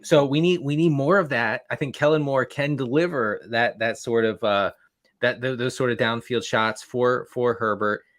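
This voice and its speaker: A man's voice: mid-range voice, steady tone, normal speed, a bit bright. A man guesting on a fantasy football podcast, rambling and repeating words as he talks. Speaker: guest analyst.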